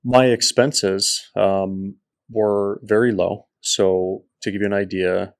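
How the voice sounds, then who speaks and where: A man, an entrepreneur guest on a podcast, telling his story in a lively way and acting out the people in it. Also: fairly low pitch, slow pace. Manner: animated storyteller who acts out quoted people. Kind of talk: storytelling interview.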